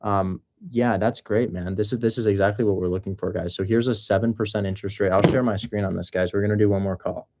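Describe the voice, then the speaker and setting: A young man hosting a casual livestream, excitable and joking. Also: lowish voice, fast, few pauses. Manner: excitable and joking, breaks into loud mock accents. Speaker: host of a livestream on real estate wholesaling.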